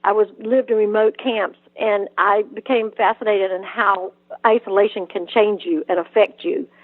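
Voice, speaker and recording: An older woman from South Georgia with a Southern accent, telling stories as an interview guest, lively and full of restarts. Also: medium pitch, normal speed, no echo. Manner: animated storytelling, frequent restarts and laughs. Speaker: author guest. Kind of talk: conversational interview. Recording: tinny phone-like line, dry.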